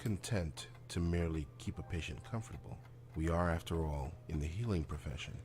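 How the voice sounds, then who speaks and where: An actor playing a frank, probing male doctor in a game, with a measured, clinical delivery. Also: low voice, a little mellow, natural voice. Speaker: game character. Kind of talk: studio game voice acting.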